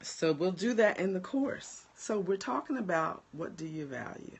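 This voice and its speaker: Speaking at a normal speed in a lowish voice, with a little hiss or hum in the audio, this New Jersey woman and life coach talks bluntly to her livestream viewers in her Jersey accent. She's animated, direct, and quick to laugh.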